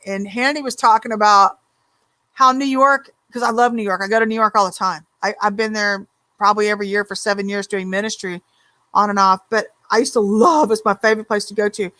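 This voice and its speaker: A woman hosts a talk show with a slightly high voice. She chats freely, backs her guest with frequent yeahs and tells lively stories. The sound is close and dry. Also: no echo. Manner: chatty, animated storyteller, many yeahs. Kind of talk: casual interview talk.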